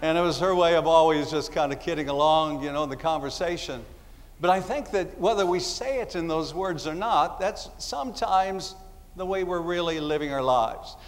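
A man's voice: a little high, normal speed. A man preaching a sermon in a conversational style, acting out little voices as asides. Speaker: pastor. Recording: long hall reverb.

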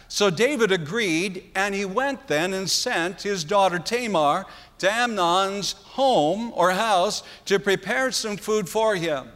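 A man preaching a sermon, retelling a story earnestly with dramatic pauses. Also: sits high, expressive, fairly bright tone. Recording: long hall reverb.

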